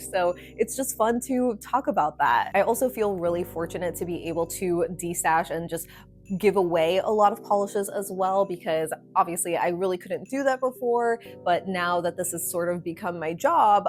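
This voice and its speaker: A young woman hosting her own nail polish channel, chatting to camera in a rambling, apologetic way with plenty of fillers. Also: fairly low pitch. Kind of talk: casual talk to camera.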